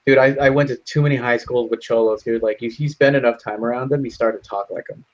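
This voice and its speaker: A man's voice: medium pitch, steady tone, quick pace, dull audio. A young man telling stories in casual voice chat, rambling and profane, full of like and you know. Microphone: headset in online game lobby.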